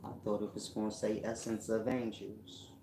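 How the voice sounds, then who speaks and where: Reading viewer comments on his casual livestream, a man who calls himself a spiritual teacher teases people with slang and jokes, rambling and laughing often. His fairly low voice holds a level tone at normal speed, and the recording is roomy with background noise.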